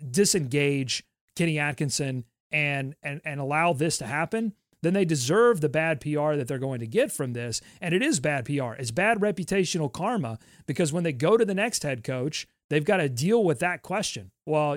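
A man's voice: fairly high pitch, dry recording, clean studio sound. A man giving strong opinions on a sports podcast, repeating phrases for emphasis. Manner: emphatic, repeats words for stress. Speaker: podcast co-host.

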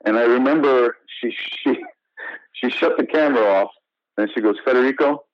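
A man from the United States talks through his career as an interview guest, animated and full of restarts. His voice sits at an ordinary pitch. The audio is dry and a bit dull, like a remote call. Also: moderate pace, no room sound. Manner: animated storyteller, many restarts and "you know". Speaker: actor guest. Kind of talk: casual interview storytelling.

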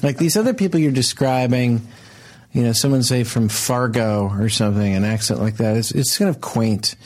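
A man's voice: medium pitch, moderate pace, darkish tone. A man co-hosting a comedy podcast, chatting playfully and hesitantly with many restarts. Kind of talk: casual comedic banter.

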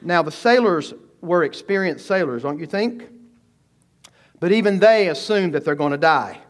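A man delivers an expository sermon in a fairly high voice. He is emphatic and asks his listeners rhetorical questions. He shifts between slow, weighty phrases and quicker stretches. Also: animated. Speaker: pastor.

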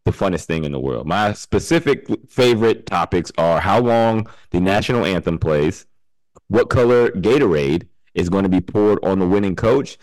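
Deep-voiced laughing podcast host. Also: male voice, lively intonation, moderate pace, darkish tone, no echo, low-quality recording. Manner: laughs often, reads sponsor spots. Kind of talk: casual podcast chat.

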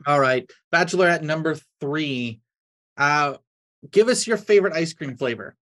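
On a comedy podcast, the producer reads lightning-round quiz questions in a matter-of-fact tone, briefly announcing each contestant. His voice is fairly high, expressive and a bit bright, at a moderate pace.

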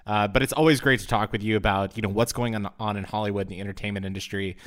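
A man's voice: on the low side, steady tone, rapid-fire. A man hosting a podcast, asking questions in a conversational way with many fillers. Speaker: podcast host. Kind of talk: casual podcast interviewing.

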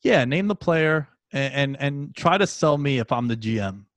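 A man hosting a casual sports talk show, loose and jokey, with animated bursts of emphasis. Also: medium pitch, moderate pace, no room sound. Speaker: podcast host.

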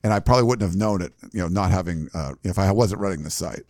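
A man's voice: low-pitched, quick pace, a little mellow, no room sound, studio quality. A man hosting a casual sports podcast, talking loosely with many fillers and restarts about fandom. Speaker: podcast host running a fan message board.

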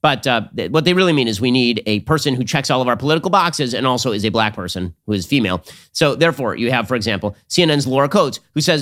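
A man's voice: medium pitch, expressive, fairly bright tone. A man hosting a political commentary show, talking in a sarcastic, combative monologue. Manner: sarcastic, rapid-fire, combative.

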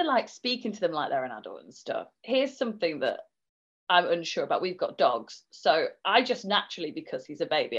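A woman co-hosting a parenting podcast, asking animated, inquisitive questions in casual chat. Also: medium pitch, muffled recording. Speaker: podcast co-host.

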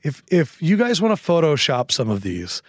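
A man's voice: fairly high pitch, wildly swooping pitch, normal speed, dry recording. A man hosting a sports podcast, asking teasing questions in casual chat. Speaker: podcast host.

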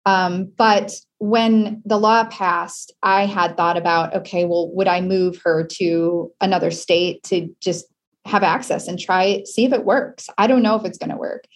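A woman's voice: on the low side, fairly even intonation, measured pace. A middle-aged woman from Wisconsin, a guest in an interview, telling a personal story earnestly and with feeling.

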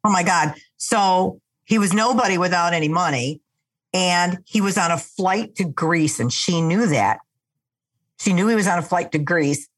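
A woman's voice: fairly low pitch, moderate pace. A woman co-hosting a podcast, chatting casually and chiming in with short agreements and story details. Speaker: podcast co-host. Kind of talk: casual chat.

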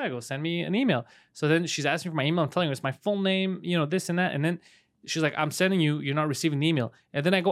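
A man co-hosting a podcast, telling a story in a casual, profane, animated way and putting on voices for the people in it. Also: fairly high pitch, very fast. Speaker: podcast co-host. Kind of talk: casual chat.

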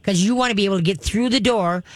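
A woman giving dog training advice on a call-in radio show. She talks in a direct, instructive way, chatty and laughing easily. Her voice sits at a middle pitch, and the sound is dry and close. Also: fast, no room sound.

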